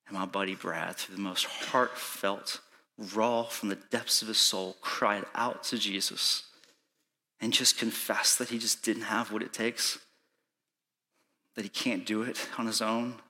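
A man preaching a sermon, telling a personal story with urgency, sometimes hushed and sometimes pleading. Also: fairly low pitch. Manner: urgent pleading, rising to shouting in reenacted moments; soft and hushed when recounting prayer. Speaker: pastor.

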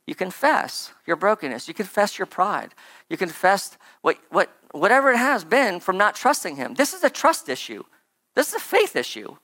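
A preacher giving a casual, conversational sermon, rambling and animated with lots of "like" and "right?" asides. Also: medium pitch.

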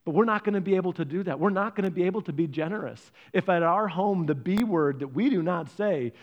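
A man's voice: sits high, fast, dull audio. A middle-aged man pastor preaching a sermon with energy, leaning on emphasis and repetition.

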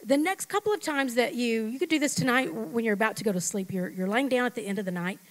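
A middle-aged woman pastor preaching a sermon, emphatic, leading the congregation in call-and-response and dropping at times to a hush. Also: on the high side, fast, rough recording. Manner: emphatic, swings from loud to hushed.

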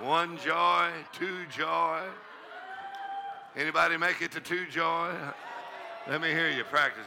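A man's voice: fairly high pitch, steady tone, slow pace, creaky, pauses often, noisy background. Exuberant laughing preacher man. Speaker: pastor. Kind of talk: charismatic sermon. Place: church sanctuary with congregation.

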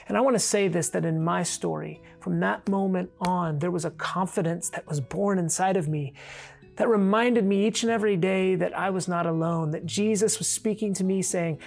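An earnest male pastor preaches a heartfelt sermon, his voice carrying a gravelly, fry-tinged texture. He moves between quiet, intimate passages and fervent rising calls. A faint musical bed plays softly behind him. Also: high-pitched, moderate pace, soft background music. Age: adult.

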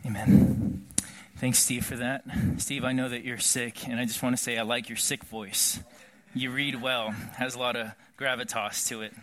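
A man's voice: mid-range voice, moderate pace. A man pastor giving a casual, conversational sermon, joking about himself and acting out quoted prayers. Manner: conversational, self-deprecating, animated when quoting.

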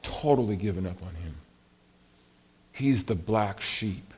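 Animated conversational male preacher. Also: fairly low pitch, measured pace, breathy edge. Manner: conversational, animated preaching with swings between soft and loud. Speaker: pastor. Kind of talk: sermon.

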